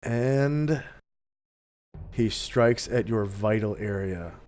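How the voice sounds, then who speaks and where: A man narrating as game master of an online tabletop game, in a relaxed, meandering way with many ums. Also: lowish voice, very slow. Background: faint music.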